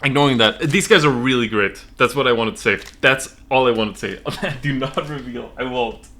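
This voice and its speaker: A young man from Sweden chats on a home stream, rambling and giggling nervously as he goes. His voice has a bright, sharp edge at an average pitch, picked up by a desk mic. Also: moderate pace.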